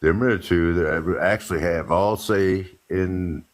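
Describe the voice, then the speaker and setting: A man's voice: low voice, normal speed. A man on a livestream call, explaining things and repeating himself.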